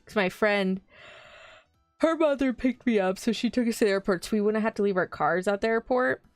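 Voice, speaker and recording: A woman's voice: mid-range voice, fairly quick, dry recording, clean studio sound, soft background music. A woman in her twenties streaming, chatting casually with viewers and telling stories in a bubbly way. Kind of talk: casual livestream chat.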